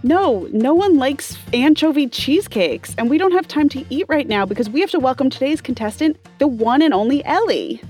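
A woman hosts a scripted kids' podcast game show in a slightly high voice. She is brisk and exasperated, the straight woman to her co-host's jokes. Faint music plays underneath. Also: expressive, a little mellow.

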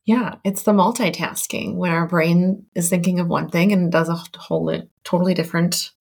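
A woman's voice: on the low side, steady tone, normal speed, darkish tone. A middle-aged woman taking over a podcast as interviewer, chatting in a friendly, upbeat way. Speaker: guest interviewer. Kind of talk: casual chat.

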